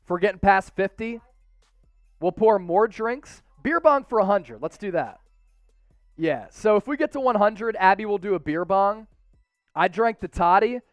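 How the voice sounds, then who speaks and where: A man with a Philadelphia accent hosts a live sports stream in casual chat, his voice pitched fairly high and smooth, resonant. He gets excitable and loud when hyping donations. The sound is dry and close, with faint music underneath. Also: moderate pace, dry recording. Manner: excitable, hypes viewer donations with loud outbursts. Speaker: sports show host.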